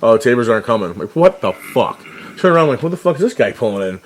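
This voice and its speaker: A man's voice: mid-range voice, sing-song, fast. A man co-hosting a casual podcast, telling a story with lots of swearing and laughter. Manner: profane, laughing, loose storytelling. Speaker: podcast co-host. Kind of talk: casual chat.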